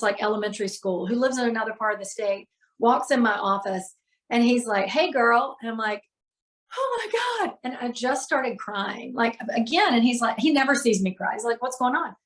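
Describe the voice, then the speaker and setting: Her voice a little high, a middle-aged healer appears as a podcast guest and openly recounts a difficult personal day. She speaks with emotion and leans on many fillers.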